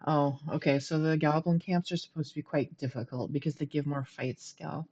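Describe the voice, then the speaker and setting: Middle-aged woman streamer, low chatty voice, dull lo-fi home mic. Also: fairly even intonation, a little fast, warm tone. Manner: chatty, laughs often, self-deprecating. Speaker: game streamer. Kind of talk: casual gameplay commentary.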